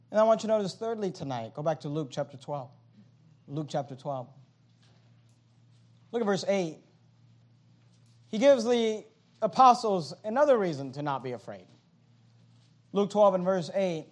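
A man's voice: sits high, expressive, moderate pace, long pauses. A man preaching a sermon, reading scripture aloud and asking and answering questions with emphatic, swinging delivery. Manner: reads scripture aloud, swings between loud and soft.

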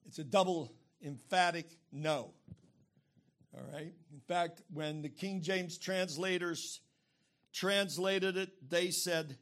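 A man's voice: on the high side, measured pace. A man preaching a sermon, explaining terms plainly and pressing his points with emphatic rhetorical questions.

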